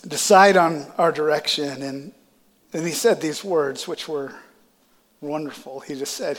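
In a church sanctuary with a long reverb tail, a male pastor preaches in a fairly high, unhurried voice. Congested sinuses leave him sounding stuffy as his sermon builds to impassioned climaxes.

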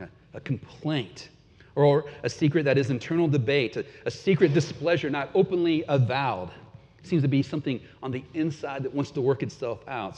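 A man preaching a sermon in a relaxed, conversational way, chuckling now and then and sometimes repeating words. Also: a little high. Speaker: pastor. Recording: dull lo-fi sound with long hall reverb.

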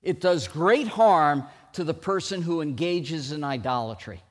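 A middle-aged man preaching a sermon, slow and emphatic, with sudden loud rises for stress. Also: fairly high pitch. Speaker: pastor. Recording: long hall reverb.

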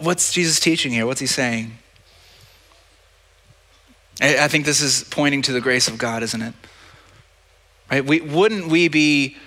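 Pastor, man, bright and slightly high voice; casual preaching, restarts and asks "right?". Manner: conversational, repeats words, asks "right?" often. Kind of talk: sermon. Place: church service. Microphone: handheld or stage mic.

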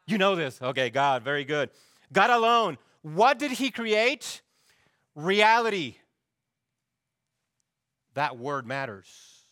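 A man's voice: sits high, pushed and bright, no echo, studio quality. A middle-aged man preaching a sermon, emphatic and asking his congregation questions as he goes. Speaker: pastor.

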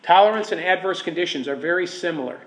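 A man's voice: sits high, lively intonation, quick pace, fairly bright tone. A man teaching a Bible class as pastor, chatty, checking in with the group for agreement as he goes. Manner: chatty, asks the room for agreement. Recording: echoey room.

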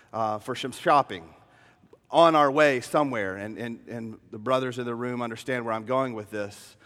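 A middle-aged man, a pastor, preaching a sermon in a church. He moves between hushed, slow tenderness and animated storytelling. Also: medium pitch. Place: church sanctuary. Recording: long hall reverb.

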